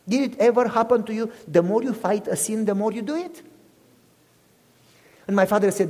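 A man's voice: high-pitched, fast talker, big-room sound. A man from Romania, preaching a storytelling sermon, acting out dialogue and checking that listeners follow him. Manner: animated, acts out dialogue, asks listeners "you follow me?".

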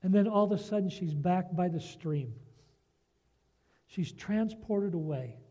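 A male preacher with a fairly high but mellow voice delivers a sermon at a slow, unhurried pace. He talks earnestly and keeps checking in with his listeners through rhetorical questions. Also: expressive. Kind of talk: sermon with a story and scripture reading.

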